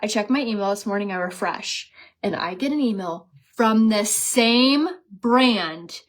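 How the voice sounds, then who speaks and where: A young woman talks straight to her viewers in a casual vlog. She tells a story with lively, mocking asides and puts on voices for the people she quotes. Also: mid-range voice, a little slow. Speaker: beauty vlogger.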